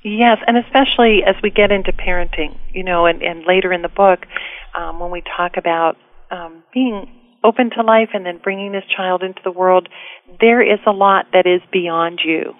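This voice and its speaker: A woman's voice: on the low side, moderate pace, dry recording. A middle-aged woman, a guest author, speaking earnestly and from the heart in a casual interview. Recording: tinny phone line.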